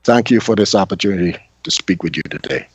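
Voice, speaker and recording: A man giving measured, formal prepared testimony before a legislative committee. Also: low-pitched, slightly rough, dry recording. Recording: dull, dry lo-fi audio.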